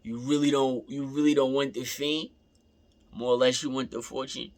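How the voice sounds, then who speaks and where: A man's voice: mid-range voice, fairly even intonation, moderate pace. A young man in a casual, rambling rant, repeating himself and swearing freely. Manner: rambling, repeats himself, profane, laughing asides.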